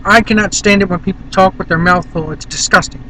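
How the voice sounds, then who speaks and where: Guy from virginia rambling in his car, high bright voice, faint traffic noise behind. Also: steady tone, fast talker, rough recording. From Virginia, USA. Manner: rambling, chatty, blunt. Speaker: vlogger. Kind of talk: casual vlog chat.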